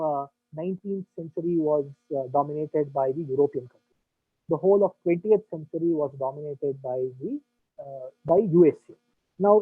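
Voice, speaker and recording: A man's voice: fairly high pitch, husky, dry recording. Man lecturing over a tinny line. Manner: explanatory, many fillers and rhetorical questions. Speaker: coaching class teacher. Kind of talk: online lecture. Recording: tinny, dry, lo-fi line with faint music.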